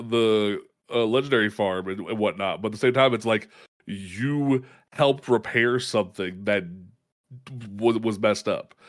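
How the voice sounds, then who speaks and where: Male host, deep voice, sympathetic and stumbling, dry recording. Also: dry recording. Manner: soft-spoken, sympathetic, stumbling. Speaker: podcast host. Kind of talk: casual interview.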